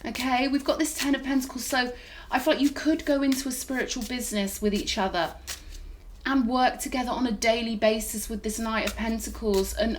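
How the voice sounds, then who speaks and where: A woman's voice: on the high side, a little hiss or hum. A woman giving a tarot reading to camera, gushing and reassuring, often checking in with "okay?". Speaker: tarot reader.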